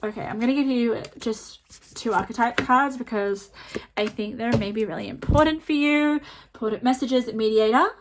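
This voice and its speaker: A woman's voice: on the high side, normal speed, background noise. A woman giving a pick-a-card tarot reading to camera, speaking in a chatty, reassuring way with many fillers. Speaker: tarot reader.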